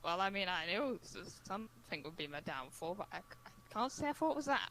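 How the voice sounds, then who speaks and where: A woman's voice: medium pitch, big pitch swings, brisk, a bit bright, slight background noise, rough recording. Sarcastic woman at a game table. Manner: sarcastic, joking. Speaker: player. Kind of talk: playing a tabletop game online.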